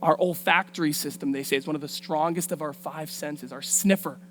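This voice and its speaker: A woman preaching a storytelling sermon in a church, colloquial and street-smart. She moves from hushed asides to loud, punchy lines. A faint hum runs under the sound. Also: low voice, steady tone, a little fast. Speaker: guest preacher.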